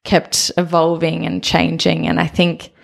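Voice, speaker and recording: A woman's voice: sits low, completely flat delivery, a little slow, creaky. A woman who runs her own business, a guest in a casual podcast chat, speaking in an agreeable, thoughtful, affirming way. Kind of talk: casual conversation.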